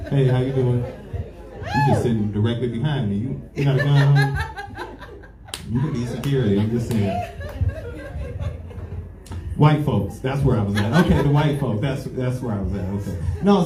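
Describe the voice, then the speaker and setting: A man doing a stand-up comedy set, telling loud profane stories and bantering with the crowd. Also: mid-range voice. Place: comedy club. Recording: roomy club sound, distant mic, audience laughter. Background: audience laughing.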